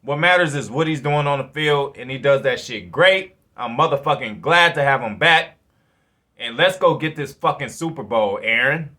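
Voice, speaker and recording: A man hosting his own fan channel, giving casual football commentary in a profane, rambling, animated way. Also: medium pitch, normal speed. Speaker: sports fan channel host.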